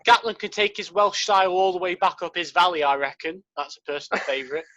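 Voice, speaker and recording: A man's voice: sits high, quick pace, pushed and bright, lo-fi sound. A man co-hosting a podcast in casual banter, telling playful, teasing jokes. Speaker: podcast co-host.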